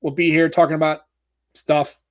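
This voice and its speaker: An American man with a slightly high voice co-hosts a tech podcast. He talks in a loose, jokey way and swears freely. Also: level tone, normal speed. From United States. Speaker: podcast co-host. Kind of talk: casual podcast chat.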